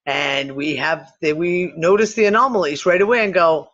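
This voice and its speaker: Man, high voice, rambling host, casual swearing, muffled lo-fi sound. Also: normal speed, hardly any pauses, a bit bright. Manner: rambling, swears casually, thinks aloud with restarts. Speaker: podcast host. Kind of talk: casual speculative talk. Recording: dull lo-fi recording.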